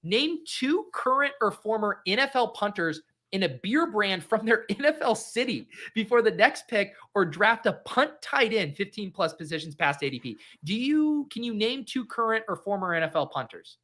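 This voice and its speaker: Upbeat guy hosting a podcast, bright voice, chats along fast with lots of asides. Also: high voice, very animated. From Colorado. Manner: chatty, upbeat, quick asides. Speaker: host. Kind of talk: casual podcast interview.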